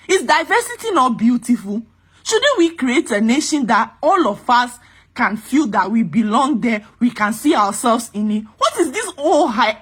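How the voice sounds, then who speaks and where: A woman's voice: a little high, fairly bright tone, slightly rough. A woman from Ghana with a Ghanaian accent, speaking in an angry, impassioned vlog rant and repeating her points with emphasis. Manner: exasperated, emphatic, repeats herself. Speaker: vlogger.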